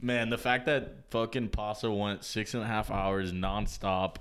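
A man's voice: on the low side, steady tone, a little slow, fairly bright tone, clear, resonant tone. A young man telling a story in a casual podcast chat, laughing often, acting out the people he met, in a slangy, profane way.

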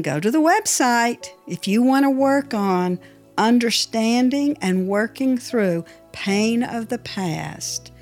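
A woman delivers a faith-based teaching talk at a slow, deliberate pace. She leans on emphasis and comes back to her key phrases again and again. Faint music plays behind her voice. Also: medium pitch, a little mellow. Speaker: podcast host and Christian speaker.

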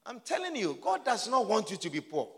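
A man preaching a sermon to his congregation, emphatic and often shouting, repeating his phrases for force. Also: high voice, huge pitch swings, a little fast, big-room sound.

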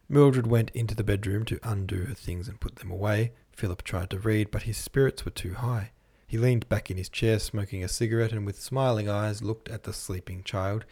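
A man reading a classic novel aloud as a podcast host, in measured literary narration. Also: on the low side, darkish tone, breathy edge. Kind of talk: scripted narration.

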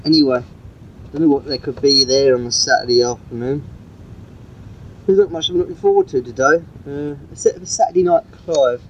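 A man's voice: mid-range voice, normal speed. A man talks his way through a homemade cassette message, rambling and padding with fillers. The sound is dull and muffled, with a light hiss under it. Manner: rambling, chatty, with many fillers. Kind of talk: recorded cassette tape message.

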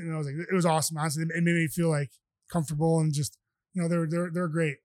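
A man's voice: fairly high pitch, flat delivery, racing, darkish tone, no echo. A man, a podcast guest telling rambling stories with many restarts. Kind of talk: casual storytelling.

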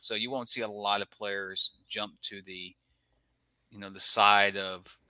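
A young man co-hosting a casual sports podcast, rambling with quick asides and chuckles. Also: on the low side, steady tone, sharp tone, no room sound. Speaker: podcast co-host.

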